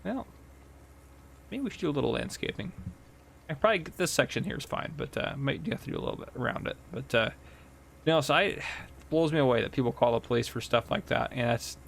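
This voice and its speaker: A man's voice: mid-range voice, fairly quick, gravelly, a little hiss or hum. A man casually commentating a farming game and telling police stories, chatty and laughing often. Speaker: gameplay host and police officer.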